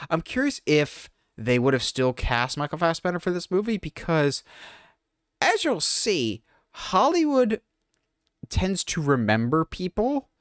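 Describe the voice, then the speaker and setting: Animated man chatting on a podcast. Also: mid-range voice, clear, resonant tone, dry recording, clean studio sound. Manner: animated, jokey, mimics others in quoted asides. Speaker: podcast co-host. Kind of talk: casual chat.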